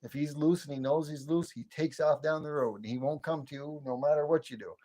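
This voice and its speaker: A man's voice: a little high, steady tone, fairly quick, dark tone. A man hosting a late-night livestream, chatting in a rambling, friendly way, chuckling often and answering viewer comments. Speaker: livestream host.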